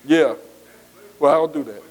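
A man's voice: on the high side, normal speed. A man preaching a folksy sermon, calling out "amen" and asking the congregation for responses. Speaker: pastor.

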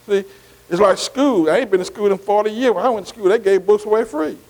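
An older preacher with a high-pitched voice, working through scripture in a loose, conversational sermon. He keeps checking in with his listeners, tossing in "see?" and "amen" between his points. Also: fast talker, a little mellow, low-quality recording. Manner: repetitive call-and-response, many "see" and "amen" asides. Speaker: pastor. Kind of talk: bible study sermon.

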